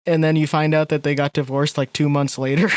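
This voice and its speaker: A man's voice: on the high side, little pitch movement, brisk, smooth, no room sound. A man co-hosting a podcast, tossing dry one-liners in crude casual banter. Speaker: podcast co-host.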